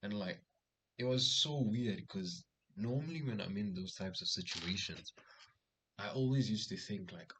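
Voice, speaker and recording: A young man vlogger gives social advice by casually telling a personal story, rambling with many fillers and restarts while bringing quoted dialogue to life. His fairly low voice moves unhurriedly. The recording is rough, with slight background noise.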